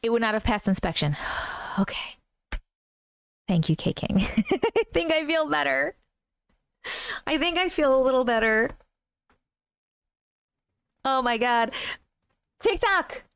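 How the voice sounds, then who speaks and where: A woman's voice: sits high, very animated, takes it slowly, creaky, pauses often, fairly bright tone, smooth, no echo. A woman hosting a casual livestream at home, reading viewer comments aloud, easily spooked and laughing often. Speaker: host reading viewer stories. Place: home room.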